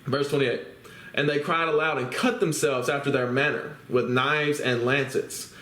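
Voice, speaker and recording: In a roomy, echoing space, a man with a mid-range, slightly bright voice reads scripture and then unpacks it in casual talk. He teaches the Bible and frequently uses tag questions to check in with his listeners.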